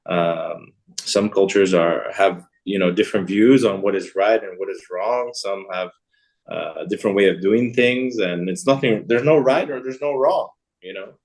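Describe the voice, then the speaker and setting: This is a middle-aged man being interviewed, talking casually about his travels. His voice sits on the lower side, and he rambles, circling back with fillers and false starts. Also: moderate pace. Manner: rambling, with many fillers and restarts. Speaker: interview guest.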